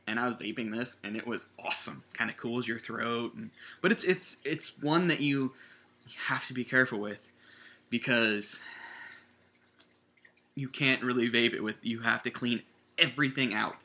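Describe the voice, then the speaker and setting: A man's voice: mid-range voice, moderate pace, bright, forceful tone. A man rambling casually through a product review, correcting himself often and circling back to his points. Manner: rambling, self-correcting, chatty. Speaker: vape juice reviewer.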